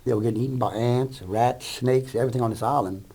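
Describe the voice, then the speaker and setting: A man's voice: mid-range voice, fast talker, mellow, husky. A plainspoken man telling about a rescue in an interview. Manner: blunt, plainspoken. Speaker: volunteer rescuer. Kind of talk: interview storytelling.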